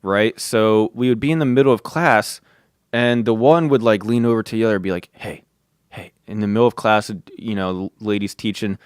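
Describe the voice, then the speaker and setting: Excitable man telling a story, dry sound. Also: lowish voice, fairly quick, clear, resonant tone, no room sound. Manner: excitable, swears, keeps saying "dude". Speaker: podcast host. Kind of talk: casual storytelling.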